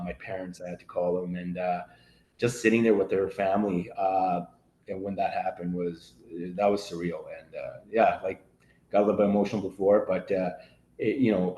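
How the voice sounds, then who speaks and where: Middle-aged guy on a podcast, lowish voice, rambling, full of uhs and you knows, echoey room. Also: darkish tone. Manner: rambling, full of fillers, acts out quoted family voices. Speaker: podcast guest. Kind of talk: casual storytelling. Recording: roomy echo.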